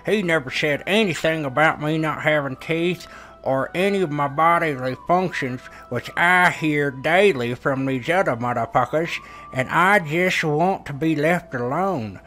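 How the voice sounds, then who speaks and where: A man's voice: fairly high pitch, extremely slow, hardly any pauses, pushed and bright, heavily acted. A man doing a toothless, rambling old coot. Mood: rambling lonely. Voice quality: gummy, lisping, toothless mumble. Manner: rambling, folksy drawl.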